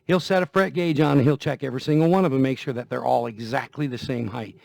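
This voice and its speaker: A man with a steady, gravelly, slightly mellow mid-range voice talks quickly in a dry recording. As a guitar vlogger, he gives a laid-back, folksy guitar-care demo full of repetition, with guitar playing here and there.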